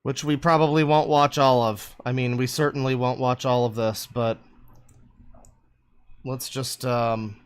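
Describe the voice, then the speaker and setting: A man's voice: medium pitch, flat delivery, measured pace, smooth. A man streaming live, reacting to videos with wry, crude, rambling asides.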